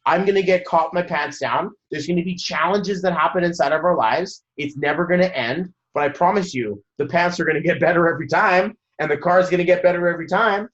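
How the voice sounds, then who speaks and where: A man's voice: a little high, fairly quick, few pauses, fairly bright tone, muffled recording. A man in his thirties, a numerology coach giving a motivational talk to a group on a video call, telling stories animatedly and laughing mid-sentence. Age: 30s.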